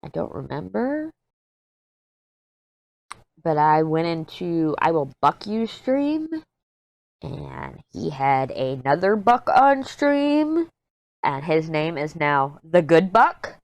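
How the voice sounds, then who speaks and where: A woman's voice: deep voice, big pitch swings, slow, long pauses, dry recording. A woman in her thirties chatting casually as a crafting vlogger while she works, rambling, easily sidetracked, candid and jokey. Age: 30s. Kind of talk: casual chat while diamond painting.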